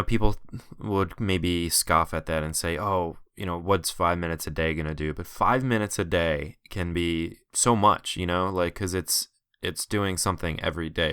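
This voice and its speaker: A man's voice: low-pitched, bright, forceful tone, smooth, no room sound, studio quality. A man hosting a podcast interview, chatty and encouraging, with many fillers. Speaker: podcast host. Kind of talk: casual interview talk.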